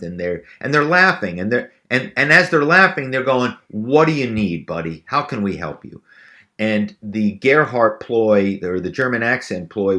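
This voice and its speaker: Middle-aged guy spinning stories on a podcast, lowish voice, lots of you-knows. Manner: animated storyteller, many fillers and restarts. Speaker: guest, former actor and phone spy. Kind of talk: casual interview storytelling.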